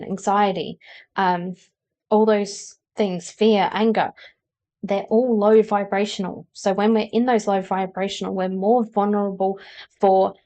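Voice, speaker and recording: Woman, middle pitch, tarot reader addressing viewer, chatty explainer. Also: dark tone. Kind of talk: pick-a-card tarot reading.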